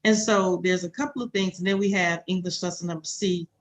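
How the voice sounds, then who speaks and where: A host of an educational podcast in a measured, steady manner, steering the discussion and pointing listeners to written articles. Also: medium pitch.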